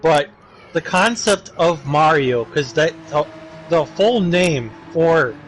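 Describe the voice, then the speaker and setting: A man's voice: on the high side, expressive, slow pace, faint music behind, low-quality recording. A man chatting on a gaming stream, rambling through long explanations over voice chat. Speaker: streaming guest.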